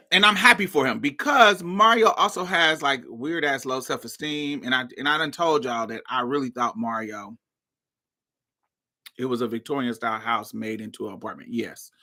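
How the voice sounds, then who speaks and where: A woman's voice: very deep voice, normal speed. A woman from Indiana hosting her show, telling a personal story in a storytime monologue, acting out the people in it and laughing often. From Indiana, USA. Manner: animated, acts out every voice in the story. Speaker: podcast host.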